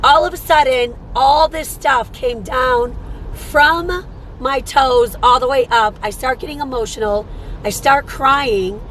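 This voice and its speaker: A woman's voice: high-pitched, takes it slowly, a bit bright, a little hiss or hum, rough recording. A woman who works as a psychic medium and hosts a show, telling a story in a rambling, casual way and repeating phrases for emphasis.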